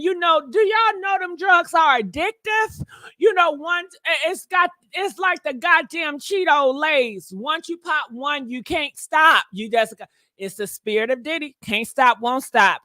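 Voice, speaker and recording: Bright, high-voiced sassy gossip woman. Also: no echo, studio quality. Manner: loud, animated, profane and sassy, calls viewers girl and honey. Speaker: gossip channel host. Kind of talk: casual gossip commentary.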